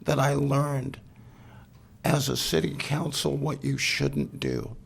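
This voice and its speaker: An older man giving an earnest, halting public comment at a council meeting, warning the council from a podium microphone. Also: mid-range voice, steady tone, vocal fry, a little hiss or hum. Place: city council chamber.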